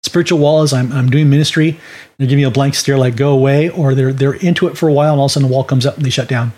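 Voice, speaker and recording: A man's voice: mid-range voice, steady tone, rapid-fire, a little mellow. A man teaching a Bible lesson on sharing faith, talking in a folksy, conversational way with restarts. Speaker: ministry teacher.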